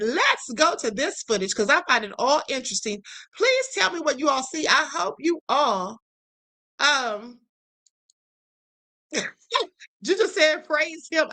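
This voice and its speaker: A woman's voice: high-pitched, pushed and bright, poor audio. A woman hosting a livestream, commenting on viral clips with emphatic asides to her viewers. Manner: emphatic, keeps asking the audience to pay attention. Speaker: livestream host.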